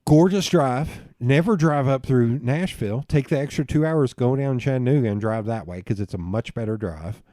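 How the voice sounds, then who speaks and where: A man's voice: mid-range voice, normal speed, hardly any pauses, warm tone, no room sound, clean studio sound. A man in a podcast interview, telling a long, profane story with laughs along the way. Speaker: podcast guest. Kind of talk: casual storytelling chat.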